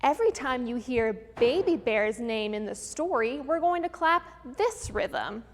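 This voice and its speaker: High-voiced upbeat woman teaching children. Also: lively intonation, measured pace. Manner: clear, upbeat teacher explaining step by step. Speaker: host of a children's music program. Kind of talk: live virtual music lesson for children. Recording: long room reverb with faint background noise.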